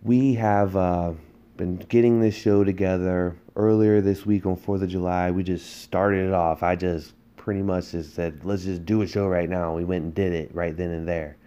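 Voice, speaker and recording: A man with a low, dark-toned voice hosts a political podcast. He rants in a heated, emphatic way and leans on rhetorical questions to drive his points home. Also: fairly even intonation, normal speed, clear, resonant tone, highs cut off. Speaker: podcast host.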